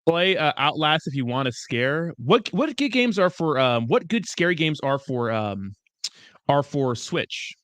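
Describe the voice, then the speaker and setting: Profane, rambling young livestream host. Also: male voice, fairly high pitch, very animated, unhurried, fairly bright tone, no room sound. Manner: profane, rambling, loose and chummy. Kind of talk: casual livestream chat reading viewer comments.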